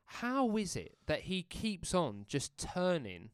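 A man's voice: sits high, huge pitch swings, slow pace, clear, resonant tone, no room sound, studio quality. A man co-hosting a podcast, talking football emphatically and often repeating himself as he builds a point. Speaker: podcast co-host. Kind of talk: casual football banter.

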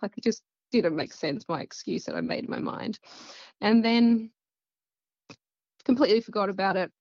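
A woman's voice: mid-range voice, darkish tone, no echo, muffled recording. A woman with an Australian accent, telling a personal story in a casual, rambling way full of fillers. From central west Queensland, Australia. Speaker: guest.

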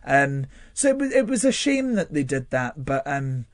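A young man with a mid-range voice speaks at normal speed as a studio interview guest, recorded dry on a studio microphone. He's an expressive storyteller sharing personal stories, with frequent fillers and laughter.

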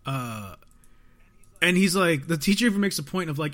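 A man's voice: a little high, expressive, moderate pace, fairly bright tone. A young man casually recapping anime episodes, rambling, swearing and acting out lines of dialogue. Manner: rambling storyteller, swears freely, acts out quotes. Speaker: podcast co-host recapping an anime. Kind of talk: casual chat.

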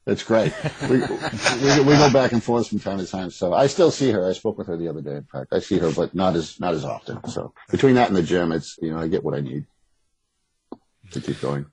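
A man's voice: sits low, animated, a little fast, darkish tone, slightly rough, dry recording, low-quality recording. A man, speaking as an author in a frank, rambling interview conversation, swearing freely. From Boston area. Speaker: author and guest.

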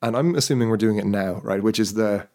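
A man's voice: lowish voice, quick pace, dark tone. A man hosting a casual podcast chat. He tells a long story in a rambling way and keeps checking in with his listeners as he goes. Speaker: podcast host.

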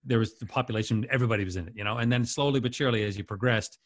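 A man's voice: medium pitch, rapid-fire. A man in casual conversation as a radio host, telling anecdotes with lots of laughter. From Canada. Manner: animated storyteller, laughs often. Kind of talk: casual chat.

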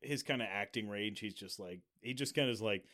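A man's voice: lowish voice, fairly quick, sharp tone. A man co-hosting a podcast, joking sarcastically and cursing freely in casual chat about a movie. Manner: wry, sarcastic, profane. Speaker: podcast co-host reviewing a movie.

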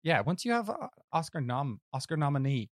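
A man's voice: on the high side, sing-song, brisk. Enthusiastic Irish man chatting films. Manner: enthusiastic, swears casually. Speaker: podcast co-host. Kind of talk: casual film chat.

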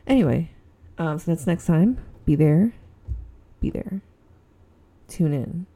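A woman's voice: low voice, animated, slow pace, warm tone. A woman with a Southern Californian accent, hosting a casual solo podcast at home and rambling giggly with lots of fillers; she says her voice sounds snobby. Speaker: podcast host. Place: indoors at home with a heater on.

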